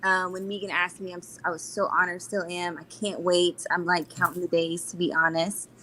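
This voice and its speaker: A woman guest, a Reiki and sound therapy practitioner, speaking gently and sweetly in a casual interview, warmly encouraging. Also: on the low side, little pitch movement, a little fast.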